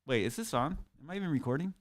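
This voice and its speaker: Racing along in a slightly high, animated voice, a man hosts a comedic podcast by himself, rambling in a boastful, sarcastic, mock-grandiose way.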